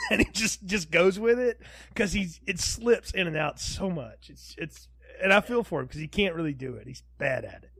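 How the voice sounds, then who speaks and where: A man co-hosting a film review podcast in casual chat, animated and laughing often as he acts out quotes. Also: high-pitched, moderate pace, gravelly, slightly rough, dry recording, clean studio sound. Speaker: podcast co-host.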